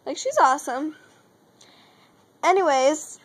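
A teenage girl telling an excited, rambling story in a casual vlog from her room. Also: high voice, slow pace, poor audio. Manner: gushing, rambling, says anyways a lot. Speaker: vlogger.

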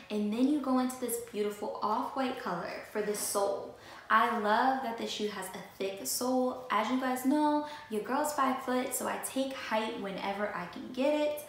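A young woman vlogger chatting casually and with lots of energy, talking straight to her viewers about her new sneakers. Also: medium pitch. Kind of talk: casual sneaker haul chat. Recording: echoey room with faint noise.

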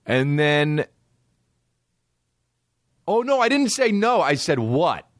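A man, a podcast host telling stories in a casual, animated way, swearing a lot and acting out voices. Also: high-pitched, slow pace, no room sound, studio quality. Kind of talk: casual storytelling.

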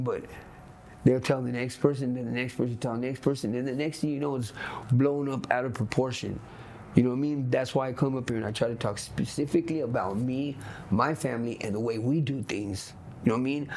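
A man with a gravelly, rough-edged voice tells his stories straight and profane, checking in with "you know what I mean" again and again. A faint hiss sits under the recording. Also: medium pitch, fairly quick, darkish tone. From Los Angeles. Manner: blunt, profane street talk, keeps asking "you know what I mean". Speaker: interviewee. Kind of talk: candid storytelling interview.

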